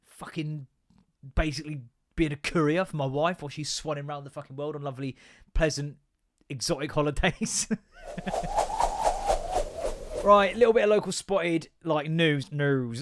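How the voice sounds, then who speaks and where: A man's voice: a little high, moderate pace, long pauses, background noise. A man hosting a podcast, ranting in casual chat, sweary, sarcastic and exasperated. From England. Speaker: podcast host.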